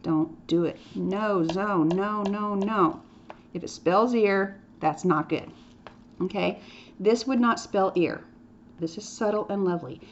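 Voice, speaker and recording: An art teacher with a mid-range voice takes her drawing lesson slowly, keeping it playful and chatty and slipping into whispered asides while she demonstrates. The sound is dull and lo-fi, with faint noise.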